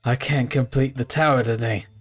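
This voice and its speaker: Excitable man narrating a game. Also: medium pitch, moderate pace, faint music behind. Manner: rambling, excitable, yells at the game. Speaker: gaming channel host. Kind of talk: let's play commentary.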